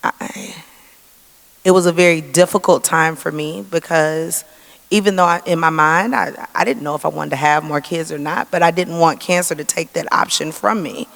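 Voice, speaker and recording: This 40-something woman's low, slightly bright voice has vocal fry and moves at a normal speed. Standing in a church sanctuary, she delivers an earnest testimony as a cancer survivor, voicing the quoted exchanges, with the hall's long reverb around her.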